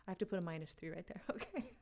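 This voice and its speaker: A woman's voice: fairly low pitch, animated, racing, darkish tone. A woman hosting a live music quiz game, chatting casually with viewers and laughing often. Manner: chatty, laughing, talks to chat. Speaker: livestream game host. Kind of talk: casual livestream chat.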